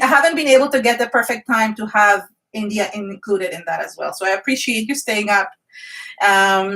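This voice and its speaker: A woman hosting a live art journaling class, chatting excitedly and greeting viewers one by one. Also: on the high side, distant mic.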